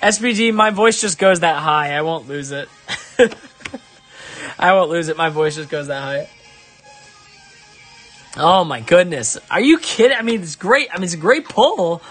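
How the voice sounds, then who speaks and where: Excitable husky-voiced man opening cards live. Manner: excitable, bursts into high exasperated yelps. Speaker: live-stream card opener. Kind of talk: casual live-stream chat.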